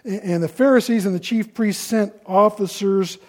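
A man preaching a sermon in a conversational way, acting out the people he quotes in louder voices. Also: high voice, normal speed. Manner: conversational, acts out quoted voices with rising loudness.

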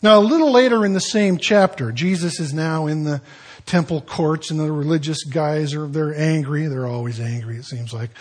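Husky man preaching in a folksy way. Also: on the high side, moderate pace. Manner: folksy storytelling with joking asides. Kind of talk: sermon.

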